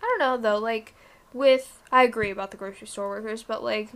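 Young female co-host, slightly high voice, candid casual chat with a lively edge. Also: a little fast. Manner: candid, animated, swears casually. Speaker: podcast co-host.

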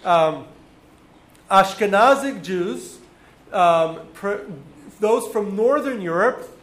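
A man teaching a class, explaining patiently with frequent ums and pauses. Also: high voice. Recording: echoey room with faint noise.

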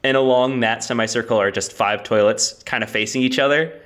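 A man's voice: mid-range voice, brisk, a bit bright. A man co-hosting a podcast, rambling through goofy comedic bits in casual chat. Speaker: podcast co-host.

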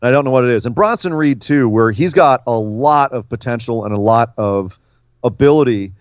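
A man's voice: mid-range voice, brisk, no echo, dull audio. A man co-hosting a casual wrestling talk show, chatty and prone to repeating words as he starts a thought. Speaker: podcast co-host.

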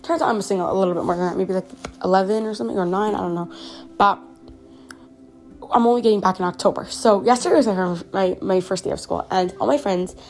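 A woman's voice: mid-range voice, fast talker. A teenage girl from Canada, slightly sick, hosting her own podcast in a chatty, earnest way with many fillers and restarts. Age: teens. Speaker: podcast host. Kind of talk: casual personal podcast monologue.

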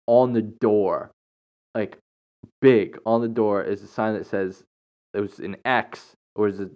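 Rambling low-voiced man on a lo-fi podcast. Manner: rambling, with frequent fillers, restarts and chuckles. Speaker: podcast host. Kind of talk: casual storytelling monologue. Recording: dull lo-fi recording.

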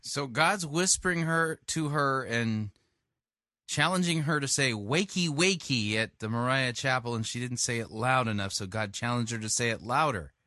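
A man's voice: mid-range voice, moderate pace, pushed and bright, no room sound, studio quality. A man hosting a commentary show, sarcastic and playful as he reacts to clips. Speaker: podcast host.

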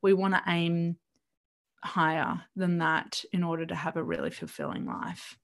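A woman coach speaking in a relaxed interview, gentle and reflective as she talks through her ideas. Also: lowish voice, moderate pace. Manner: gentle, reflective, self-questioning. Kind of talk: conversational interview.

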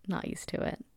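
A woman's voice: no echo, studio quality. A woman in her twenties hosting a casual solo podcast from home, chatty and candid, swearing freely and laughing often. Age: 20s. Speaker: podcast host.

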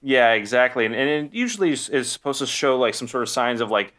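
Casting note: male podcast co-host, bright, clear voice, loose, rambling film chat full of fillers. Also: mid-range voice, expressive, fast. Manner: rambling, many fillers and restarts. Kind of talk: casual film discussion.

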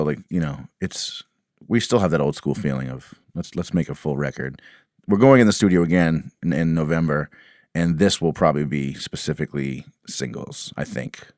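Deep-voiced man, rambling. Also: a little mellow, no echo, studio quality. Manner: rambling, many restarts and "you know". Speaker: band member guest. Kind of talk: casual interview chat.

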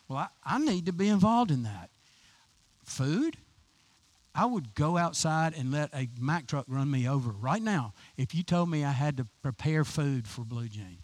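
A man's voice: fairly high pitch, no echo. A man preaching an informal, chatty sermon to his congregation as their pastor, enthusiastic and full of restarts. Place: church sanctuary.

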